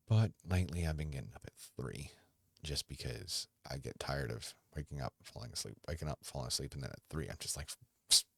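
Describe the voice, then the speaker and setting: Very deep-voiced man rambling. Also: creaky, dry recording, studio quality. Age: 40s. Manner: rambling, halting, with many restarts. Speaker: podcast host. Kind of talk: casual solo chat.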